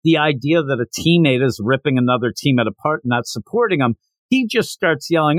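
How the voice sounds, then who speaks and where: Opinionated male podcast host, casual review chat, slightly high voice. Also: lively intonation, fairly quick, dry recording. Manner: chatty, opinionated, recaps scenes.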